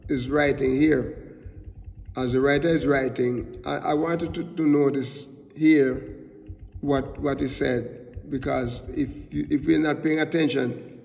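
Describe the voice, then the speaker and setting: A man teaching a Bible lesson in sermon style, halting and repeating his words often as he explains a word's meaning. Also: medium pitch, gravelly, darkish tone, in a large hall.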